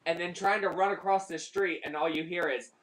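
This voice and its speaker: A man's voice: high voice, fairly even intonation, fairly quick, heavy background noise. Laughing, swearing man telling a story. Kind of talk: casual chat.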